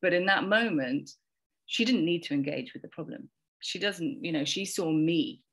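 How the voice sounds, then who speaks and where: On a podcast, a woman in her forties from England tells a heartfelt, rambling story about parenting, chatting casually and frequently repeating words and quoting herself and others. Her voice is fairly low and fairly bright, at a normal speed.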